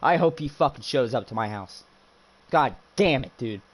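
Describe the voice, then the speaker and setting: A man's voice: mid-range voice, animated, moderate pace. A man streaming a racing game, ranting angrily and swearing nonstop at another player. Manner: furious, profane, ranting. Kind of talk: angry rant during live racing game stream.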